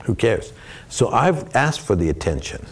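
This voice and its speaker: A man's voice: fairly low pitch, very animated, a little slow. A man speaking to a room of students as a guest actor, talking candidly and earnestly about his work. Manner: earnest, mixes in laughs and acted-out quotes. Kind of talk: candid talk to an audience. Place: room with a live audience.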